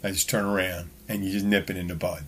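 Blunt, rambling man, low voice. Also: level tone, quick pace, a bit bright. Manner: rambling, blunt, profane, with frequent restarts. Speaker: podcast host. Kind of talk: casual solo monologue.

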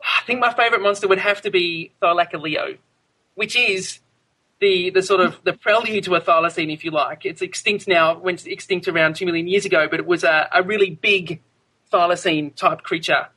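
A man speaks as an interview guest, eager and stumbling over restarts as he explains. His voice sits high and sounds bright, with a forward edge. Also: slightly rough, rough recording. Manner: enthusiastic, halting restarts. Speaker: guest scientist. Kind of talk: casual interview answers.

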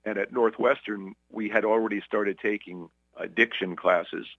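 A man in his seventies from Brooklyn, telling relaxed anecdotes about his career in an interview. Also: fairly low pitch, normal speed, no room sound, phone-quality sound. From Brooklyn, New York. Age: 70s. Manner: relaxed anecdotal storyteller, acts out quoted voices. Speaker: sportscaster guest. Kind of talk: casual interview storytelling.

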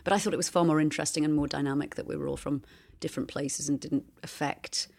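Low-voiced woman, thoughtful guest. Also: fairly even intonation, fast talker, creaky, a little mellow. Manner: thoughtful, speeds up when explaining. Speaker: actress guest. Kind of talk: interview chat.

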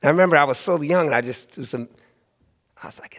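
On a club stage in front of a live crowd, an Oakland, California man in his forties spins a storytelling monologue in a fairly high, fast voice. He laughs a lot, restarts often, keeps it conversational, and performs the voices of people he quotes.

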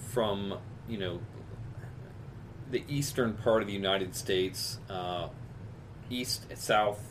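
A man's voice: fairly low pitch, noisy background. A man from chatting casually, telling stories with lots of restarts and laughs. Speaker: podcast co-host. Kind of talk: casual chat.

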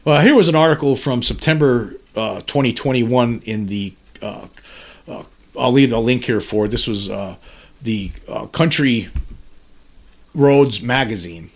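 A man's voice: medium pitch, measured pace. A man hosting a podcast, reading news articles aloud and adding earnest, somber commentary between the passages. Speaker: podcast host.

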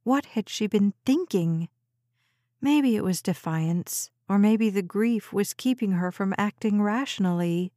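A woman reads a suspense novel aloud as an audiobook narrator, unhurried and measured. Her tone is warm and mellow, recorded close and dry with no room sound. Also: mid-range voice, dry recording. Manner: measured, even storytelling. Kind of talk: scripted narration.

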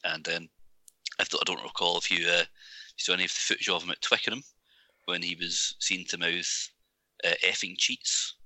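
A man's voice: deep voice, little pitch movement, moderate pace, bright, forceful tone, no echo, poor audio. A man co-hosting a podcast, telling stories wryly in casual, rambling chat. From Scotland. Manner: wry, rambling with fillers. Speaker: podcast co-host.

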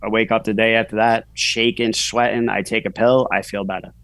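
A man's voice: on the low side, little pitch movement, brisk, a bit bright, no room sound, low-quality recording. A man in his forties, a guest author, telling a personal story in a casual, rambling way, full of "you know" fillers.

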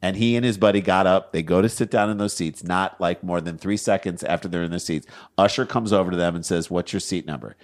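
A middle-aged man, a podcast co-host, telling a story in lively chat and acting out the people in it. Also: low-pitched, fast talker, hardly any pauses. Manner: lively, acts out the other people in his story.

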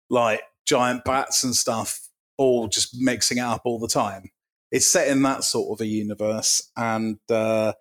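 A man in loose podcast banter, speaking at an ordinary pitch. He sounds dry and deadpan and lingers on grisly detail with understatement. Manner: dry, deadpan delivery with vivid gory imagery. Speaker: podcast co-host. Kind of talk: casual comedic chat.

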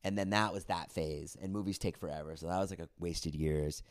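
A low-voiced man speaks in a steady tone at a slightly quick pace, recorded dry with clean studio sound. He's a comedian and filmmaker appearing as a podcast guest, rambling through casual stories and quoting people in put-on voices.

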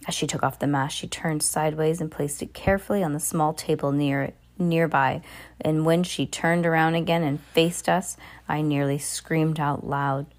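Low-voiced woman reading a novel aloud. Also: darkish tone. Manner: casual amateur reading with stumbles and restarts; asides to a listener beside her. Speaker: reader.

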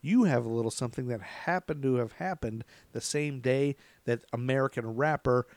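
A man's voice: mid-range voice, moderate pace, darkish tone, dry recording. A man co-hosting a casual podcast, joking around and cutting in with playful asides. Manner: jokey, interrupting, playful asides. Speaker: co-host.

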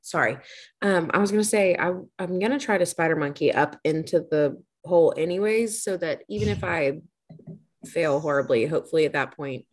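A woman playing a tabletop game, talking quickly as she explains her character's moves. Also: sits low. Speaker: player. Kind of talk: casual chat at a tabletop game.

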